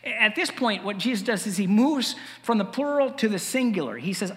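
A man's voice: high voice, animated, fairly quick, fairly bright tone, in a large hall. A man preaching a sermon as pastor, conversational and wry, with asides and chuckles.

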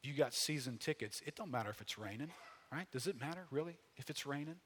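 A man from New delivers a sermon in a loose, folksy manner. His voice is bright and forceful at middling pitch. He swings from big loud bursts down to low, hushed asides. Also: expressive, quick pace, slight background noise. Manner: conversational preaching, folksy asides, swells loud then drops low. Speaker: pastor.

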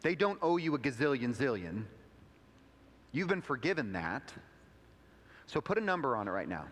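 A male pastor delivers a sermon in a church sanctuary, his mid-pitched voice carrying a long hall reverb. He talks in a relaxed, conversational way, full of little asides, and climbs in pitch whenever he drives a point home. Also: moderate pace. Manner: conversational storytelling with asides, pitch rising for emphasis.

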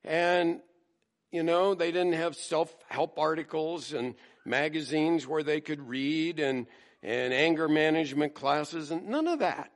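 A man's voice: a little high, measured pace. A male pastor preaching a sermon in a conversational storytelling manner. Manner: conversational storytelling, acting out quotes.

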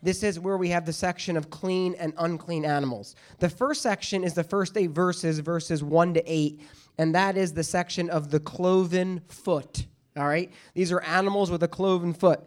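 A man's voice: high-pitched, fairly even intonation, normal speed. A man teaching a casual Bible study, talking conversationally with joking asides and frequent checks like "okay?" and "all right?".

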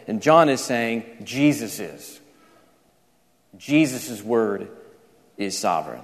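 A man preaching a sermon, explaining scripture step by step and often restarting his sentences. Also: mid-range voice. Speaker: pastor. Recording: reverberant large hall.

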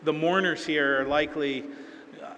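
A man's voice: on the high side, fairly even intonation, moderate pace, sharp tone, dull audio, a little hiss or hum. Man preaching a conversational sermon in a hall. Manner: conversational storytelling with acted-out quotes. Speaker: pastor. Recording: reverberant hall, faint ambience.

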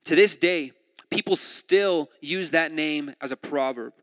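A man preaching a sermon in a lively, conversational way, retelling a scripture story with asides and jokes. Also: fairly high pitch, a little slow. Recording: long hall reverb.

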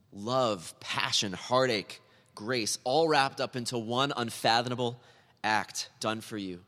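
A man's voice: mid-range voice, pushed and bright, long reverb tail. A man preaching a sermon in a church, earnest and building to emphatic, repeated appeals. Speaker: pastor.

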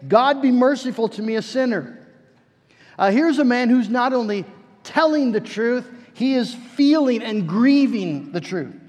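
A man preaching a sermon as pastor, earnest and pleading, slowing down to stress words and repeating himself as he searches for the next phrase. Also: extremely high pitch. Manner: earnest, pleading, slows down for emphasis. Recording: long reverb of a large hall.

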